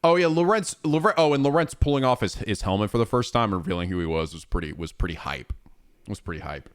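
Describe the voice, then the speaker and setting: Lively, low-voiced streamer man. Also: fast, no echo, studio quality. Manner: profane, rambling, animated. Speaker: game streamer. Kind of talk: casual chat.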